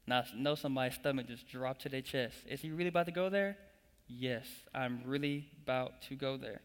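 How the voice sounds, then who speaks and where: A man's voice: mid-range voice, fairly quick. A young man preaching a sermon, building up with emphatic repetition and calling the congregation to repeat after him. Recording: long echo of a large hall.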